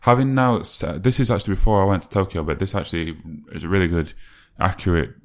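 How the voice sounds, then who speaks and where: Low-voiced man musing aloud. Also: animated, quick pace. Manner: musing and rambling, with many fillers and self-corrections. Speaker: musician reviewing his own old album. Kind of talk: casual reflective commentary.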